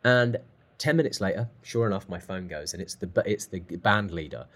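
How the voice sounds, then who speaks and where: A man telling a lively story as a guest, acting out the phone calls he describes. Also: low-pitched, brisk. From England. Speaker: guest drummer. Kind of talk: casual storytelling.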